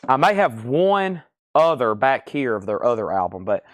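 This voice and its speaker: A man's voice: medium pitch, sing-song, normal speed, dry recording. Guy hosting a live vinyl sale stream, talky and rambly, plain middle voice, dry no room. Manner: chatty, reads prices, rambles between items. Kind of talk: live-stream sales patter.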